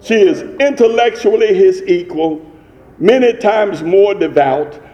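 Slow, animated preacher in a reverberant hall. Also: male voice, high voice, dull audio. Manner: emphatic, preaching in rising cadences and repetitions. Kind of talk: sermon.

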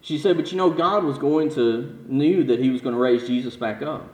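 A man preaching a sermon as pastor, building to intense emphasis and then dropping low and slow. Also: darkish tone, echoey room, in a large hall.

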